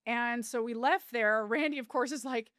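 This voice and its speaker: A woman's voice: on the high side, moderate pace, a bit bright, no room sound, studio quality. A middle-aged woman telling a personal story as a podcast guest, in an earnest, heartfelt way. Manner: earnest, heartfelt, with vivid retelling.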